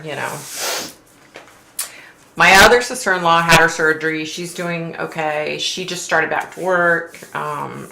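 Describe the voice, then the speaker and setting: Her voice sits low, with vocal fry and a sharp tone, and the room sounds echoey. This psychic livestream host keeps things chatty, reading out viewers' chat messages and filling her speech with "like" and "you know."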